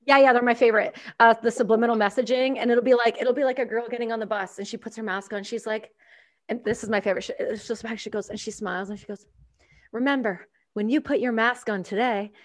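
A woman from Canada chatting casually as a podcast host, telling animated stories, swearing and laughing often. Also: fairly high pitch, fast. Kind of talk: casual chat.

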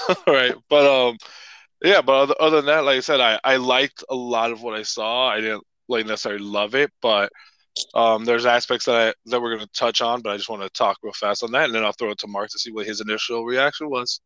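Male podcast co-host, rapid and eager, punchy tone, lo-fi dry mic. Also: medium pitch, steady tone, bright, forceful tone, smooth, dry recording. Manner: fast, eager, filler-heavy. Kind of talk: casual film review chat.

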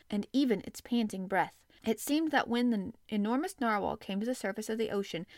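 A woman's voice: mid-range voice, fairly bright tone, dry recording, studio quality. A woman narrating an audiobook.

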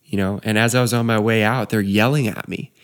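A man's voice: on the low side, steady tone, fairly quick, clear, resonant tone. Laid-back young man telling a story. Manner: laid-back, says dude and you know a lot. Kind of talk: casual storytelling chat.

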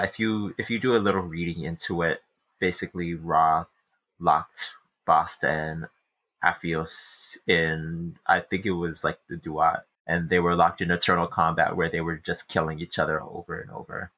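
A man co-hosting a casual book-club podcast, animatedly retelling chapters with quick restarts. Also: sits low, steady tone, pushed and bright. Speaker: podcast co-host.

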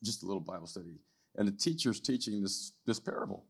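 An older man speaking as a guest at a church, telling a testimony story in a loose conversational way, often tagging his lines with "right?" and clearing his throat. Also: lowish voice, expressive, fast talker. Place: church hall, live event.

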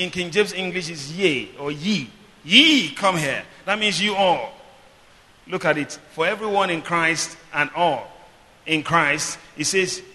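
A man preaching in a high, piercing, brilliant voice. He swings between booming declarations and calm teaching, calling the congregation to answer back. The sound rings with the long reverb of a church hall. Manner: preaching with call-and-response, swinging from loud declarations to quiet explanation. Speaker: pastor. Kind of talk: sermon.

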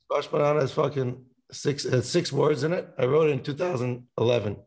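Gravelly guy rambling about his songs, swears a ton, mid pitch. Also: a little fast, darkish tone. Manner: rambling, swears a lot, sings snippets. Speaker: musician guest. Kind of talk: casual podcast chat.

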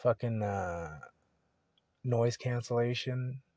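A young man hosts a solo podcast, talking casually in a rambling, profane, laid-back way. His mid-range voice has a darkish tone and he takes it slowly, with no echo on the recording.

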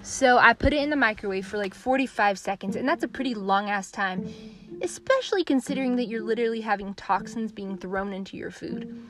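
Over soft background music, a young woman podcast host delivers a ranting storytime monologue in a lively, mid-range voice. She's sarcastic and profane, quickly flipping from one mocking voice to the next.

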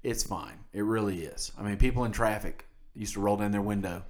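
A man's voice: lowish voice, fairly quick. A man co-hosting a podcast, telling a funny story from his past in a casual chat and laughing often as he goes. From South Mississippi. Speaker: podcast co-host.

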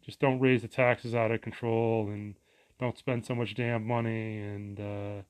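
A man's voice: fairly low pitch, little pitch movement, unhurried, darkish tone, clean tone. A man vlogging a casual, rambling rant, exasperated and profane, full of restarts and asides.

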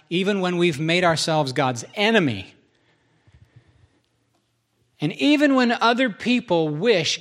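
A male pastor delivering a sermon in a somewhat high voice. He runs through numbered points, repeats key lines for emphasis and drops in joking, self-deprecating asides.

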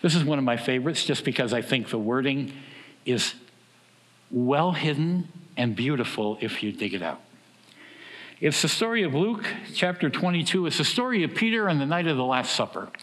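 Male preacher, mid-range voice, lively sermon delivery, big reverberant hall. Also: normal speed. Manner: animated, acts out quoted voices with big swings in pitch and loudness.

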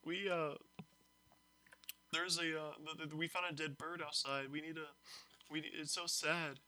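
A man's voice: fairly high pitch, little pitch movement, normal speed, pushed and bright, pitched above the performer's own voice. A young man mimicking flustered teenage girls. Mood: flustered sad. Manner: stammering, mournful.

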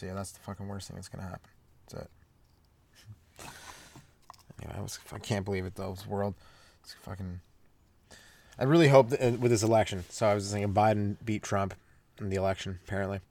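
Rambling, swearing young man, low voice. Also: fairly even intonation, fast, pauses often, a little mellow, a little hiss or hum. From Canada. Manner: loose, rambling, laughs at own jokes, swears a lot. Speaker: stand-up comedian hosting a podcast. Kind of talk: rambling stoned comedy monologue.

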